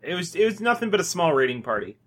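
Deadpan gruff player in character. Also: medium pitch, quick pace. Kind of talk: in-character tabletop role-play.

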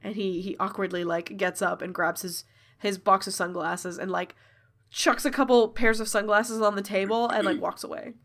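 A woman's voice: medium pitch, steady tone, normal speed, fairly bright tone. A woman narrating a tabletop role-playing game as game master, in a casual, chatty way with many fillers.

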